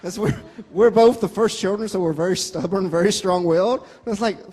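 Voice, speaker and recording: A man telling a personal testimony to a gathering, animated and joking as he talks. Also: sits high, moderate pace, few pauses, slightly rough. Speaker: guest sharing his testimony. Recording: long hall reverb.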